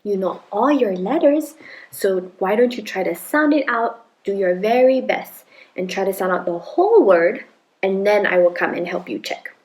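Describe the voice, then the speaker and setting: A patient mother, played by a woman, coaxes her child to sound out words, prompting one step at a time with gentle encouragement. Her voice sits at a mid pitch and stays plain and natural. It is a scripted parenting demonstration. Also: animated, normal speed, natural voice, poor audio. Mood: encouraging. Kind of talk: acted parenting demonstration skit.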